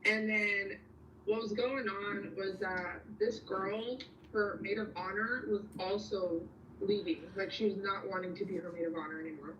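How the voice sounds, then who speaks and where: A woman's voice: medium pitch, fairly even intonation, moderate pace, a bit bright, reverberant, recorded from a distance, dull audio, slight background noise. A young woman telling a story in casual chat, rambling and slangy with lots of fillers.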